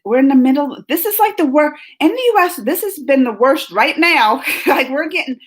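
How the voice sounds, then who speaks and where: A woman's voice: high voice, animated, moderate pace. A woman hosting a casual live stream who laughs often and greets her chat by name. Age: adult, mother of school-age kids. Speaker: livestream host.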